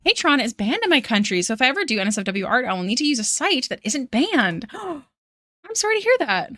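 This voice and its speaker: Bright-voiced woman streamer chatting while drawing. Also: a little high, very animated, quick pace, no echo, clean studio sound. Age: 30s. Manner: rambling, laughs often, quotes memes in put-on voices. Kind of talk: casual livestream chat while drawing.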